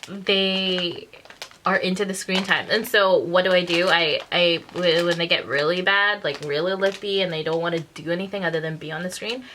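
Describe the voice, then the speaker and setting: Casual vlogger, woman in her 30s, bright tone, laughs a lot, acts out quotes. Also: lowish voice, steady tone, normal speed, slight background noise, rough recording. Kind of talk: casual confessional storytelling.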